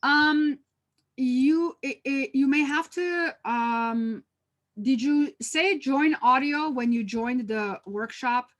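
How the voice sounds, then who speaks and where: A woman with a fairly high voice leads a webinar over a video call. She talks in a loose, conversational way, full of "um" and "uh" and restarted phrases. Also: slow, muffled recording. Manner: conversational, many fillers and restarts, tells personal stories. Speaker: workshop presenter. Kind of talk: live webinar presentation.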